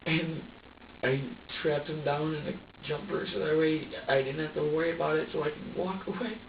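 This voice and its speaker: Man, suspect in a police interrogation, agitated and rambling with constant swearing, slightly high voice, caught by a distant room mic with dull, echoey sound. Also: steady tone, normal speed, a little hiss or hum.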